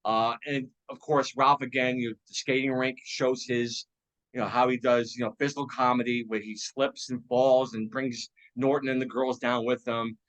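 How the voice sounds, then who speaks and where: A man's voice: medium pitch, level tone, normal speed, a bit bright, low-quality recording. A man hosting a casual chat about an old TV show, enthusiastic and laughing often, with many fillers. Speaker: podcast host.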